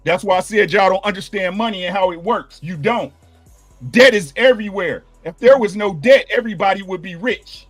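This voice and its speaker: A man's voice: high-pitched, a little fast, a bit bright, no echo, faint music behind. A man ranting heatedly and profanely in a political debate on an online panel.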